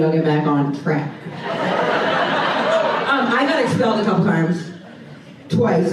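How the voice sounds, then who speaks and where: A woman's voice: fairly low pitch, far from the mic, noisy background. Woman doing chatty stand-up crowd work. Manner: chatty, riffing with the audience, quick asides. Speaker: stand-up comedian. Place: comedy club stage. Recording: roomy club with audience laughter. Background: audience laughing.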